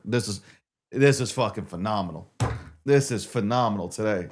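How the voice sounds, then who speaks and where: A man's voice: lowish voice, normal speed. A man hosting a live crypto stream, talking in a brash, profane, boastful way. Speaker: show host.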